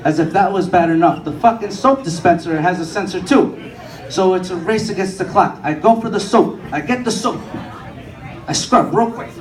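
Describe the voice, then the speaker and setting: A man's voice: high-pitched, normal speed. A young man performing a stand-up comedy set, telling profane stories and acting out the people in them. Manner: profane storytelling, acts out quoted people. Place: comedy club stage. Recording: echoey room, mic from a distance, audience laughter. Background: audience laughing.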